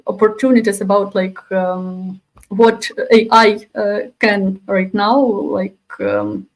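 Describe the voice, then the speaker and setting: Slow, halting woman on a call. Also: mid-range voice, lively intonation, low-quality recording. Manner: halting, many fillers and restarts.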